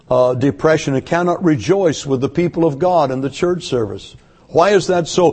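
A man's voice: medium pitch, a little mellow, slightly rough. A man preaching a sermon to his church, emphatic and asking one rhetorical question after another. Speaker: pastor. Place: church service.

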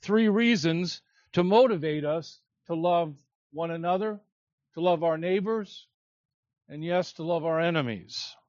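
A man preaching an expository sermon, slow and emphatic, drawing out key words. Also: on the high side, darkish tone, no echo. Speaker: pastor. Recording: slightly dull, lo-fi sound.

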